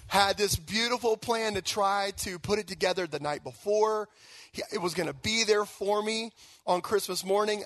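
A man with a fairly high voice preaches in a relaxed, conversational way, telling personal stories with lots of casual fillers. The sound is close and dry, with almost no room echo. He sounds like a man in his thirties. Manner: conversational, animated storytelling with fillers. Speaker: guest pastor.

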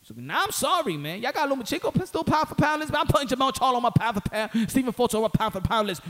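Emphatic high-voiced man talking boxing. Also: big pitch swings, quick pace, few pauses, fairly bright tone. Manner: emphatic, slangy, repeats phrases for stress. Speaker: boxing commentator. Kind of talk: casual solo commentary.

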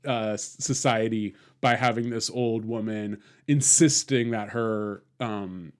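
A man's voice: lowish voice, fairly even intonation, slow pace. A man hosting a casual film discussion podcast, rambling with fillers and restarts and laughing often. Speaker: podcast host.

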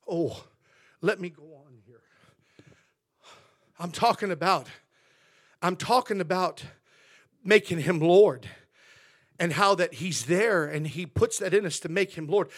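A man preaching a sermon as pastor in a church sanctuary, swinging from shouted declarations to hushed asides. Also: sits high, unhurried, long pauses.

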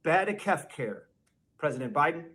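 A man narrating a mock language lesson, slowly sounding out made-up words. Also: a little high, lively intonation, a bit bright. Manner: slow, exaggerated spelling-out of made-up words.

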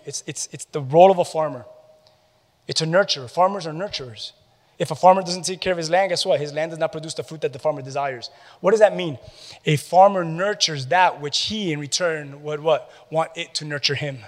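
Animated preaching man in a reverberant hall. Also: a little high, moderate pace. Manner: animated preaching with call-and-response questions to the congregation. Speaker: pastor. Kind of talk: sermon.

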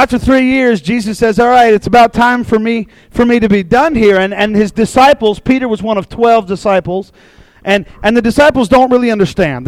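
A high-voiced man tells a Bible story as a casual sermon, chatty and animated. His voice is recorded dry and close, with almost no room sound. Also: no echo, low-quality recording. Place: room with a live audience.

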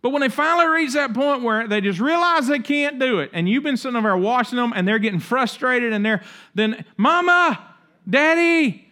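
A middle-aged man preaching a sermon with a high-pitched voice. He talks to the congregation casually and slips into the voices of the people he describes. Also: fast, few pauses, pushed and bright. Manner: conversational preaching, acts out quoted voices. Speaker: pastor.

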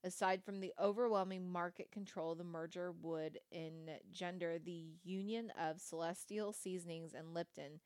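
A woman's voice: on the low side, fairly even intonation, normal speed, hardly any pauses, a little mellow, smooth, no room sound. A woman podcast host reading a company history aloud, breaking off for casual, wry asides and the odd swear word. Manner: conversational, swearing, wry asides between read passages. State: has the hiccups.

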